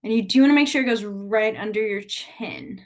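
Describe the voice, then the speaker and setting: A woman's voice: medium pitch, normal speed. A woman teaching a beginner sign language class over a video call from a small room, explaining step by step in a chatty way and laughing often.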